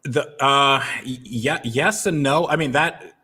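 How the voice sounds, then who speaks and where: A man sits in on a podcast and talks casually, rambling through his story with frequent fillers and false starts. His voice sits at an ordinary middle pitch. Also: a little slow, bright, forceful tone, breathy edge. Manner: rambling, many fillers and restarts. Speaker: podcast guest.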